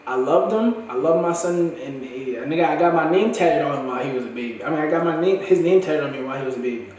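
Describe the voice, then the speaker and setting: A young man in a candid, profane, slang-heavy monologue for his vlog, his voice going hoarse. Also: a little high, expressive, fast talker, a little mellow. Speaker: vlogger. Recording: echoey room, far from the mic.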